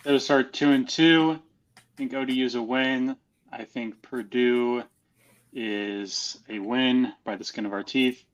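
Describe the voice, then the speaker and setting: A man's voice: medium pitch, fairly bright tone. A man on a sports podcast giving his picks hesitantly, with lots of fillers. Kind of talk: casual sports chat. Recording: slightly dull lo-fi sound.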